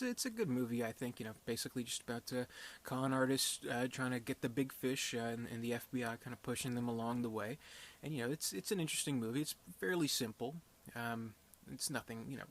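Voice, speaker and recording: A young man giving a casual, unscripted film review, rambling and hesitant, with many fillers and restarts. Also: medium pitch.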